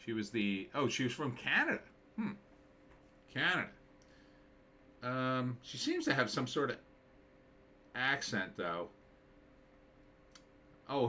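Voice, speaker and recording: A man's voice: mid-range voice, pushed and bright, a little hiss or hum. A man talking through a movie trailer in casual commentary, thinking aloud and rambling with many fillers. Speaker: screenwriter reviewing a movie trailer.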